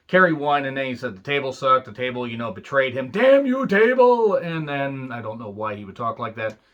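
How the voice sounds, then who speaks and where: A man's voice: mid-range voice, pushed and bright, lo-fi sound. A man from the United States giving a casual spoken review of an old wrestling show. He talks bluntly and swears freely, with sarcastic asides.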